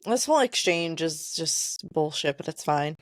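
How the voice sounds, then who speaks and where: A woman co-hosting a casual book podcast, retelling scenes quickly with "and he's like" and sighing, exasperated asides. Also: low voice, animated, no room sound, studio quality. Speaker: podcast co-host. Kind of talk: casual book-club chat.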